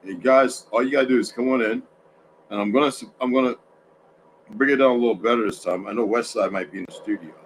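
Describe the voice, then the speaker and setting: A man's voice: medium pitch, fast, a little hiss or hum, poor audio. A man hosting a casual livestream from home, tired and yawning, talking in a rambling way with many restarts and asides to chat. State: sleepy, yawning. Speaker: livestream host.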